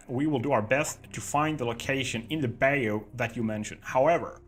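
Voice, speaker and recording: A man reading a letter aloud in a deliberately bad fake American accent, as a formal agency director. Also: medium pitch, close to an everyday voice. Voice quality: loud, hammy reading voice.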